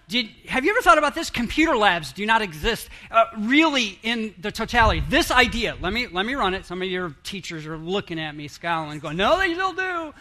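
A man's voice: high voice, pushed and bright. A middle-aged man giving a rambling, chatty talk to an audience, often breaking off mid-sentence and putting questions to the listeners. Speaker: speaker addressing an audience.

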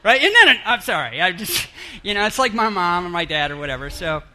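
A middle-aged man talks to a live audience in a loose, conversational way. His voice sits high for a man and sounds sharp and bright. He keeps asking the crowd questions and restarting his sentences. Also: big pitch swings, fairly quick. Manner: chatty, rambling, self-interrupting, asks the audience questions. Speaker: speaker addressing an audience. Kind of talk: interactive audience talk.

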